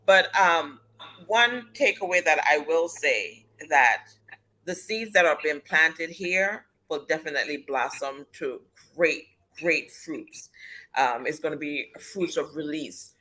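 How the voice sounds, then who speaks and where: Woman host, effusive, thanks everyone over and over, bright, forceful voice. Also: low voice, animated, slow, low-quality recording. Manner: effusive, repeats thanks and praise. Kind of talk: closing remarks on a panel talk show.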